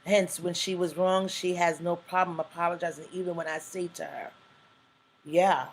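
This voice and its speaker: A woman's voice: on the low side, flat delivery, normal speed, slight background noise, poor audio. A woman hosting a live talk stream, chatting casually and reading viewer comments aloud with emphatic, preacher-like asides. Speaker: livestream talk show host.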